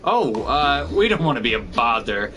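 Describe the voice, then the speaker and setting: A man voicing a quick, cheeky bearded sailor who talks in a chirpy, slightly sly way. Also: medium pitch, sing-song, noisy background, natural voice. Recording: music playing underneath.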